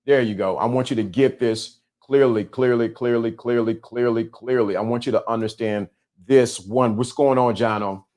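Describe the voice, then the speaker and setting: A man's voice: mid-range voice, fairly even intonation, normal speed, a little mellow. A middle-aged man hosting a live-streamed talk, speaking with emphatic repetition and a preacher-like cadence. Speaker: host.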